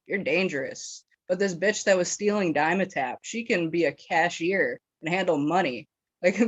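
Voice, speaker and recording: A woman's voice: low voice, dry recording. Woman from Wisconsin, podcast guest spinning a story, foul-mouthed and giggly, heard on a dead, muffled lo-fi track. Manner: profane, rambling, laughs often, filler-heavy. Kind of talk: casual storytelling. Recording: dull, dry lo-fi recording.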